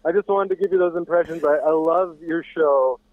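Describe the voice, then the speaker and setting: A man's voice: fairly high pitch, a little fast, dry recording. A man phones in to a radio show, talking casually and stumbling over his words, repeating himself as he goes. His voice comes through a narrow, tinny phone line. It sounds dry and close, with no room around it.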